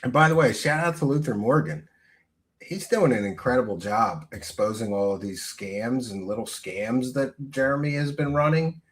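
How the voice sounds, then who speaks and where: A man's voice: medium pitch, moderate pace. Mocking, laughing male livestream host. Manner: mocking, laughing, crude asides. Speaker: show host. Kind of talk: casual livestream commentary.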